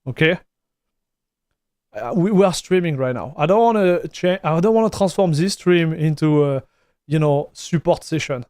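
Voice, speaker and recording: A man's voice: fairly high pitch, lively intonation, moderate pace, dark tone, clean tone, no room sound, studio quality. A man with a French accent, a native French speaker, chatting casually on a live stream, answering viewers and calling them dude and broski. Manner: chatty, reads viewer messages aloud, calls people dude and broski.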